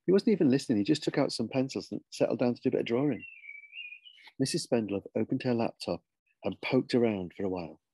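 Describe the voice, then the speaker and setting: A man, an author, reading his children's story aloud with lively, expressive storytelling. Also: medium pitch, fast talker, breathy edge, dry recording.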